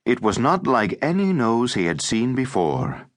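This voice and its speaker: A man reading an audiobook in a measured, expressive scripted narration. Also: mid-range voice, dry recording, clean studio sound.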